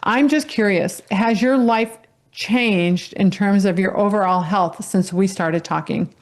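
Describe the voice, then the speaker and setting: A woman's voice: mid-range voice, a little slow. A woman doctor appearing as a guest, patiently explaining health matters in casual chat.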